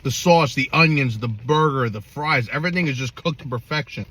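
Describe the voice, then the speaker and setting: A man's voice: mid-range voice, brisk, fairly bright tone, husky. A man from New Jersey reviewing food in a casual vlog, hyped and slangy.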